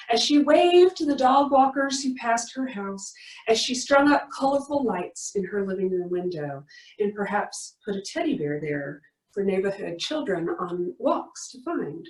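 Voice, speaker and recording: A woman leading a worship service, reading a story aloud and then praying, in an earnest, gently emphatic way with repeated refrains. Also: a little high. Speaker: worship leader. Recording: roomy sound from a distance.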